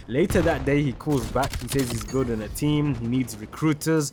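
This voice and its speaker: With game music and gunfire going, a young streamer spins a casual, slang-filled yarn, interrupting himself at times to react to the game. His mid-range voice moves at normal speed with few pauses, amid background noise.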